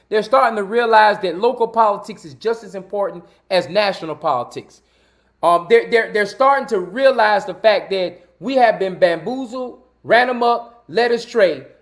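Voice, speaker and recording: A man hosting his own live-streamed talk show, speaking in a preachy, repetitive way and pleading with his viewers. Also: high voice. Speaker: livestream show host. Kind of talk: live-streamed commentary monologue.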